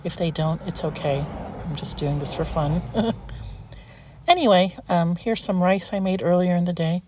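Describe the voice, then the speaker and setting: A woman's voice: lowish voice, normal speed, background noise. A woman talking casually over a home recipe video, chatty and self-deprecating, with little asides. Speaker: home cook vlogger.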